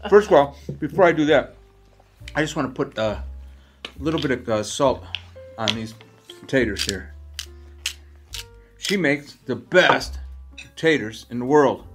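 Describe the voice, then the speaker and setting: Lively, rambling man tasting food on a cooking show. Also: mid-range voice, measured pace, long pauses, over music. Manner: enthusiastic, rambling, stumbles over words. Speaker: co-host. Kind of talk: casual chat. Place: home kitchen.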